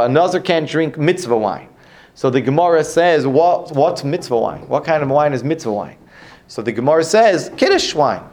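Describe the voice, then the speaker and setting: A man teaches a Talmud lesson in a slightly raised voice. He works through the argument out loud, restarting phrases and posing rhetorical questions. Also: on the high side. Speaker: Torah teacher.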